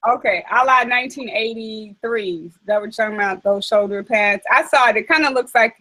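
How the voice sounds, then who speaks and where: A woman hosting a casual chat, talking in a chatty, animated way with frequent fillers. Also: fairly high pitch, normal speed, low-quality recording. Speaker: host.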